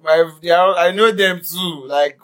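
A young Nigerian man co-hosting a podcast in casual chat, animated, often laughing and mixing in pidgin. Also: sits high, a little slow. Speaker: podcast co-host.

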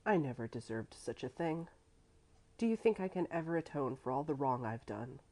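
A grave, remorseful baron speaks low and quietly, read by a woman. His voice sits deep and subdued, heavy with shame. A storybook voice, not a stage performance. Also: normal speed. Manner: quiet, somber, lowered voice.

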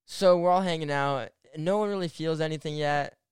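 An animated young man tells a story in a loose, rambling way, leaning on filler words and swearing as he goes. His voice sits a little high for a man and sounds smooth and clean. The sound is dry and close, with no room behind it. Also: moderate pace, dry recording. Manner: rambling, full of "like" fillers and restarts. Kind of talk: casual anecdote telling.

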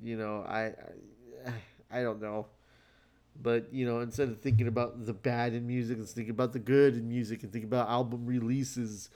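A man's voice: medium pitch, level tone, normal speed, darkish tone. A tired man hosting his own podcast, talking casually in a rambling solo monologue full of fillers and restarts. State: tired, yawning. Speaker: podcast host.

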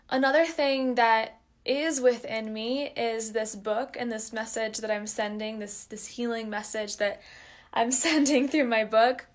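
A woman's voice: fairly high pitch, steady tone, slow pace. A young adult woman hosting a solo podcast, speaking openly and earnestly and encouraging her listeners. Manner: earnest, open and encouraging, addresses listeners directly. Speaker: podcast host and wellness coach. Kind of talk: heartfelt solo podcast talk.

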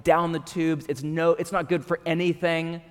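A preacher voicing a desperate, worn-out prophet. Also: male voice, fairly high pitch, flat delivery, normal speed, clean tone, pitched above the performer's own voice, lightly acted. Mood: exasperated. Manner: pleading, exasperated outburst. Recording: long reverb of a large hall.

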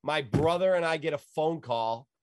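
Emphatic middle-aged radio host, slightly high voice. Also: male voice, moderate pace, dry recording, clean studio sound. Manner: emphatic, rambling, folksy. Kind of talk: animated storytelling in an interview.

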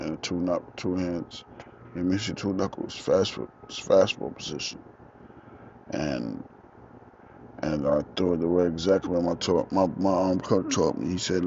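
Outdoors with four-wheelers rolling past, a young podcast host tells an animated story full of street slang and cursing. He has a low, gravelly voice. The recording sounds dull and lo-fi, and faint vehicle noise can be heard.

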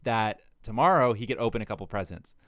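Smooth-voiced young man telling a story. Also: fairly low pitch, fast talker, fairly bright tone, dry recording, studio quality. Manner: profane, storytelling. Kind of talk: casual chat.

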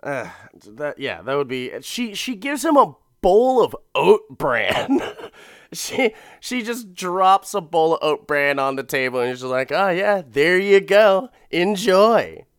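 A man's voice: on the high side, sing-song, measured pace, fairly bright tone, no room sound, clean studio sound. A man casually recapping a TV episode, swearing freely and laughing often. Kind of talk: casual profane commentary.

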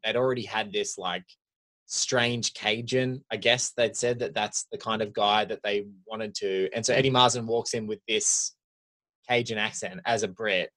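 A man's voice: lowish voice, steady tone, moderate pace, a bit bright. Rambling man chatting about films. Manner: rambling, lots of "like" and restarts, chuckling. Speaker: podcast co-host. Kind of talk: casual film chat.

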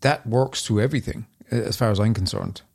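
Low, gravelly, husky man interviewing. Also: fairly quick, a little mellow. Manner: hesitant, repeats words while searching for them. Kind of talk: casual conversational questions.

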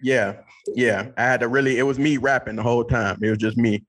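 A man hosts a laid-back podcast in a mid-pitched voice. He jokes easily and tells his own stories in a casual, rambling way. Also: fairly quick. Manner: relaxed, joking, laughs easily. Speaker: podcast host.

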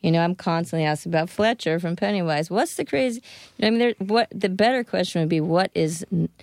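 A woman's voice: on the low side, fast talker, no echo, studio quality. A woman guest on a podcast, telling casual stories and acting out the dialogue in them. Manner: animated anecdotes with quoted dialogue. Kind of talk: casual storytelling chat.

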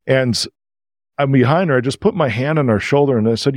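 A man, a podcast guest, telling a story in an animated, emotional, casual way. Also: mid-range voice, fairly quick, no room sound.

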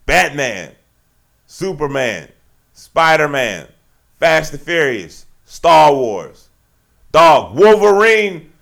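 Animated, gravelly-voiced man ranting. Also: fairly high pitch, very slow, pauses often. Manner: slangy, animated ranting with frequent asides. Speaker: podcast host. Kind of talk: solo sports podcast monologue.

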